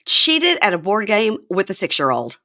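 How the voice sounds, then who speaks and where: A woman's voice: medium pitch, wildly swooping pitch, moderate pace, bright, forceful tone. A woman hosting a casual podcast chat, recapping a reality show and acting out quotes from its scenes. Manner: retells scenes by acting out quotes in shifting voices. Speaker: podcast host.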